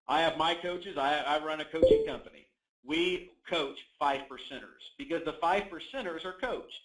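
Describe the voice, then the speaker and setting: A man's voice: fairly high pitch, a bit bright, roomy sound, poor audio. A man coaching real estate agents in an emphatic motivational talk, repeating key phrases and acting out sales calls.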